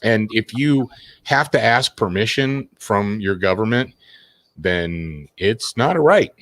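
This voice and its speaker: Male podcast guest, low pitch, lively swings, dry sound. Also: slow pace, dry recording. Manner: animated, acts out mocking voices. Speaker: guest panelist. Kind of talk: casual opinion chat.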